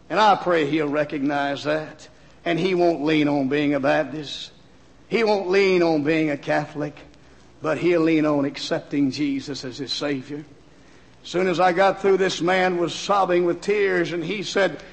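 Male preacher, high gravelly voice, storytelling sermon that swells to shouts, old LP with long hall reverb. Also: animated, a little slow. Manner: storytelling, rising to shouts at climaxes. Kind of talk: revival sermon.

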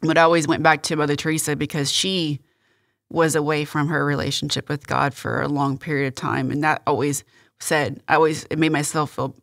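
A middle-aged woman, a guest on a faith interview show, telling a personal story in a halting, earnest way with many restarts. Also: sits low, flat delivery, gravelly, a bit bright, dry recording, clean studio sound.

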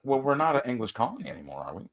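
A man's voice: mid-range voice, very animated, racing. A man from the United States on a live stream, making dry, pedantic remarks. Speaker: stream co-host.

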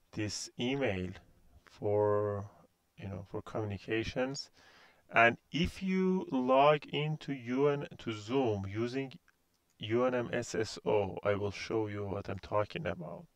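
Slow, hesitant man with a Persian accent. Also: mid-range voice, smooth, no room sound. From Iran. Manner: hesitant, many fillers. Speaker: university instructor. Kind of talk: recorded course introduction.

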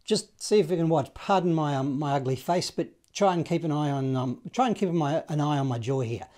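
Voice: mid-range voice, fairly quick, darkish tone. Laid-back saxophone teacher scatting rhythms. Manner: casual, encouraging, scats rhythms and counts in. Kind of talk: online music lesson.

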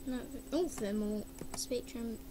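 A woman with a fairly high voice speaks slowly while vlogging casually at her computer. She exclaims often, giggles, and hums and sings along, and the webcam mic recording is very noisy.

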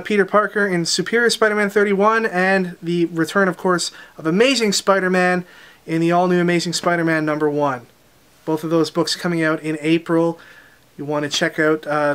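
A comic shop host with a strikingly high voice walks through the week's new comics in a relaxed unboxing style. His tone is fairly bright and clean as he rattles off titles in quick succession, slipping in brief offhand remarks between them.

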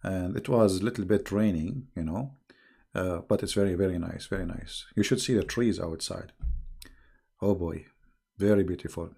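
A man's voice: deep voice, moderate pace, vocal fry, warm tone, breathy edge. A middle-aged man hosting a casual online livestream, talking in a sarcastic, mocking way and chuckling often. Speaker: online religious debate host.

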